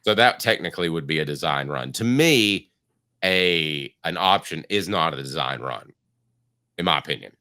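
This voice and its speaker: A man's voice: extremely low pitch, lively intonation, moderate pace, pushed and bright. A man hosting a sports podcast, congested from allergies with a froggy voice, talking in an opinionated, emphatic way. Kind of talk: casual sports talk.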